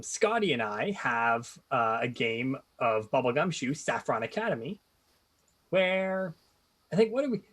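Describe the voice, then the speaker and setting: Husky, stammering man. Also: medium pitch, a bit bright. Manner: stammering restarts, laughs often. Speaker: player. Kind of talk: casual chat among players.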